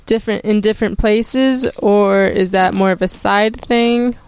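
A woman co-hosting a podcast who asks a guest a relaxed, wry question. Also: medium pitch, a little slow, background noise. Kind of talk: casual interview.

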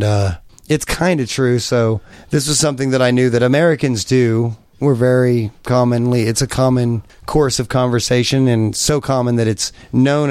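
A man's voice: mid-range voice, darkish tone, clean tone, no echo. Rambling joking man, dry sound. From Kansas. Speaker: podcast host. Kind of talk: casual chat.

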